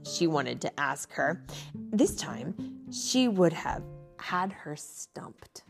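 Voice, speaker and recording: A woman reading a bedtime story aloud in an expressive, playful way, then chatting with her child as a parent. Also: deep voice, takes it slowly, gravelly, over music.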